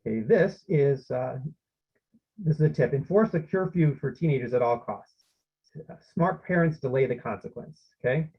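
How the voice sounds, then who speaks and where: A man's voice: mid-range voice, expressive, moderate pace, breathy edge. A man presenting a parenting workshop over a video call, in a conversational way with many fillers and restarts. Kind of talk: informal online workshop talk. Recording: slightly muffled lo-fi audio.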